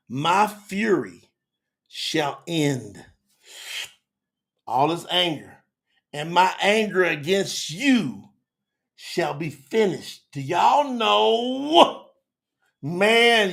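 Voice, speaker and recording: A middle-aged man teaches scripture to a live online audience. His voice sits high and carries a gravelly fry, and he moves between fervent shouts and hushed, intimate asides. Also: very animated, extremely slow, pauses often. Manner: fervent, preacherly, big swings from loud to hushed.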